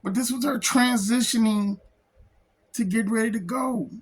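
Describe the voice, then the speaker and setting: A man who is a comic book artist, talking in an emotional personal vlog, close to tears, halting and repeating himself. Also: very high-pitched, husky. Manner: halting, repeats phrases, says "man" a lot. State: tearful, close to crying.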